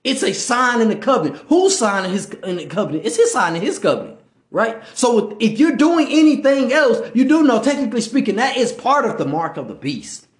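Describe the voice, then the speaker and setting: A man's voice: extremely high pitch, very animated, a little fast, echoey room. A man preaching informally on a podcast, with slangy talk, often asking "right?" and stumbling while reading aloud. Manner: slangy street speech. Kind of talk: informal religious teaching.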